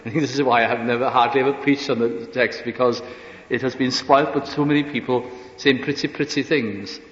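A man preaching a sermon earnestly, asking rhetorical questions and dropping into soft asides. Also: medium pitch, fairly even intonation, a little fast. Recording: dull echoey hall recording.

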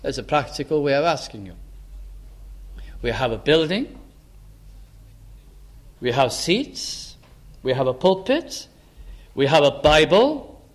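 High-pitched guy preaching in church, earnest, drags out the big words. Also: big pitch swings. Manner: earnest, slows down and rises for emphasis. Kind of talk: sermon.

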